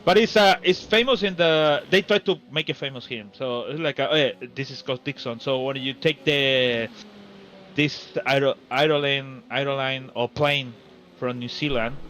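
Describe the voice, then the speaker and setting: A man co-commentating a race in casual chat, halting and restarting with non-native phrasing. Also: medium pitch, fairly bright tone.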